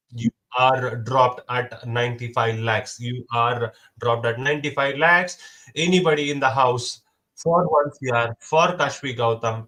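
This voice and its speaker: A young man runs a casual mock auction. He keeps repeating the latest bid and calls on each side by name. He counts down briskly before every sale, at a middle pitch for a man. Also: fairly bright tone.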